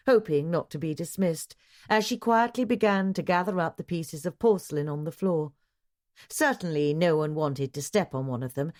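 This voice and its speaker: Low-voiced woman narrating a mystery. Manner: measured, even storytelling. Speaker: audiobook narrator. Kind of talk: scripted narration.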